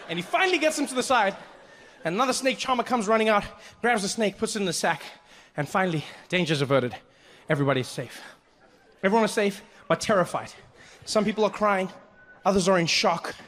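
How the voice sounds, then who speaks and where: A man doing stand-up comedy, telling a story with animated asides and acting out the characters he meets. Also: sits high.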